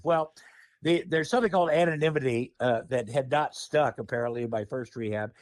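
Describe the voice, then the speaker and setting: Male podcast guest, higher-pitched voice, lively and profane storyteller, close dry mic. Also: a little fast, dry recording. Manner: animated, profane, laughing often. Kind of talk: casual storytelling.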